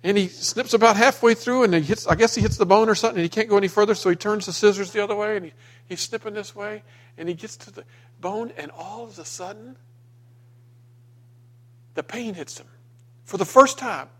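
Man, middle-aged, pastor, sermon, slightly high voice, emotional storytelling. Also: fairly quick. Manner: storytelling, emotional, rising in pitch when voicing himself in the dream.

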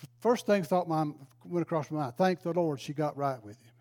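A man's voice: fairly high pitch, brisk, warm tone. Folksy older preacher man. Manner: folksy, emotional, exclaims praise. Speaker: retired pastor. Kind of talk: storytelling sermon.

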